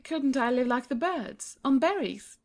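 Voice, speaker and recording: A woman's voice: high-pitched, animated, unhurried, a little mellow. A woman voicing a young, trusting princess, earnest and pleading in a childlike way.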